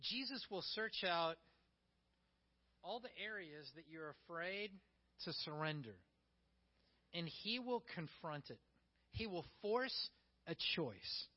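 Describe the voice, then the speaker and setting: Male preacher, high voice, animated sermon that jumps from hushed to loud, dull lo-fi recording. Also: slow pace, long pauses. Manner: animated, acts out quoted voices, swings between soft and loud.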